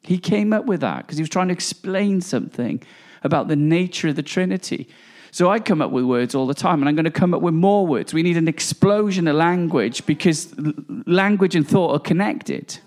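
Guy preaching, high voice, excited and laughy, really emphatic. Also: brisk. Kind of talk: charismatic sermon.

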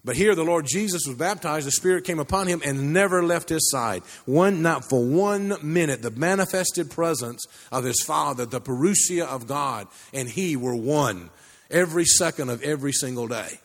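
A man preaching a sermon, telling a story with many restarts and climbing pitch as he builds. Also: expressive, normal speed. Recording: long hall reverb.

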